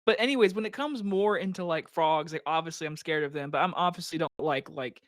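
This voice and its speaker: Young male podcast co-host, higher-pitched, excitable, laughs often, dry close recording. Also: fairly quick, no room sound. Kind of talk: casual chat.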